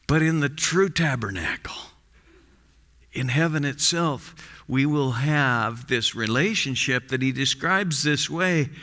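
A man preaching an expository sermon, reading scripture slowly with strong emphasis. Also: fairly high pitch, pushed and bright. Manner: emphatic, rising and falling for stress, slow deliberate reading. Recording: long hall reverb.

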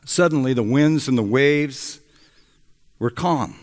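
A man preaching a sermon and retelling a story in a slow, storytelling delivery. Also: medium pitch. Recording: echoey hall.

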